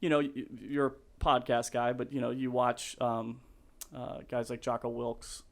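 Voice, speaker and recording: A man in real estate sits in as a podcast guest for a relaxed chat, speaking in a flat, mid-range voice with vocal fry. His earnest talk is choppy, full of fillers and restarts. Emotion surfaces now and then, and so does laughter.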